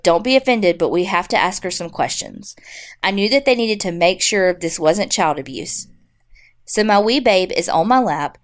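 A woman co-hosting a podcast, reading listener stories aloud and chatting in a blunt, wry way. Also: mid-range voice. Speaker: podcast co-host.

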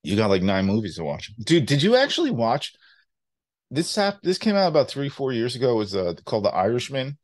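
A young man chatting on a podcast, an animated storyteller whose voice moves lively up and down. His pitch sits in the middle for a man. He swears casually as he talks. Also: a little fast. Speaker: podcast co-host. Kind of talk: casual chat.

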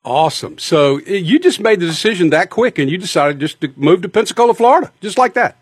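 A man with a fairly high voice that swings up and down a great deal. He hosts a radio talk show and asks his guest questions with eager, casual energy. His voice is close and dry, with no room sound. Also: animated, quick pace, breathy edge, no echo.

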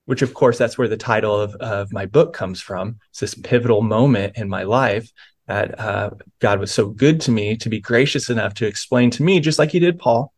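A man's voice: on the low side, normal speed, slightly rough. A middle-aged man, a pastor and podcast guest, tells his faith story in an earnest way, with many small restarts. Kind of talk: reflective faith testimony.

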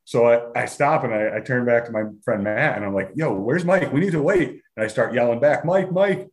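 A man telling a story in a casual podcast chat, animated, laughing often and acting out the voices in it. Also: medium pitch, a little fast. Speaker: podcast guest.

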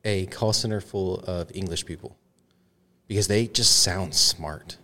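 A man's voice: deep voice, unhurried, sharp tone. A man hosting a podcast, chatty and jokey, interviewing a guest in casual conversation. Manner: jokey and chatty, laughs easily. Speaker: podcast host.

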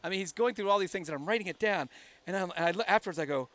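Middle aged guy hosting a podcast, tells stories fast n laughs a lot, kinda high voice. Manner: animated storyteller, laughs often. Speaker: podcast host. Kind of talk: casual chat.

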